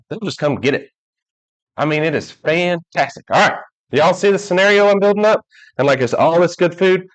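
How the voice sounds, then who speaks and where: A man's voice: medium pitch, rough recording. A man preaching a casual sermon in a church, telling stories with jokes and acting out the people in them. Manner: joking, storytelling, acts out quoted people. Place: church hall.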